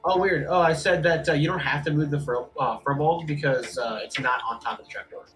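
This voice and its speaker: A game master narrating a tabletop game, quick and rambling with lots of fillers. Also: mid-range voice, steady tone, fairly bright tone, faint music behind, rough recording.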